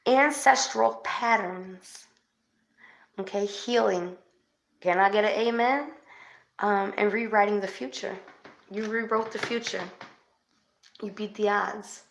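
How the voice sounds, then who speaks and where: A woman doing a casual livestream spirit session as a psychic reader, chatty and excitable, calling her viewers babes. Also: mid-range voice, takes it slowly, creaky, pauses often. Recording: echoey room.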